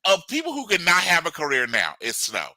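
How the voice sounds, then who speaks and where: A man's voice: on the high side, huge pitch swings, a little fast, sharp tone, no echo. A man hosting a casual online show, teasing his co-host with playful jokes. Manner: joking, playful banter. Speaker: podcast host. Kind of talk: casual chat.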